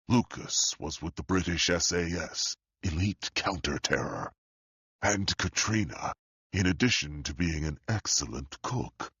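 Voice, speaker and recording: A man voicing a sinister, wealthy older male tech mastermind in an audiobook, speaking slowly and calmly with a deep, husky, gravelly voice. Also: no room sound, clean studio sound, full character voice. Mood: commanding. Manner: slow, calm and menacing. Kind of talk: audiobook character voice.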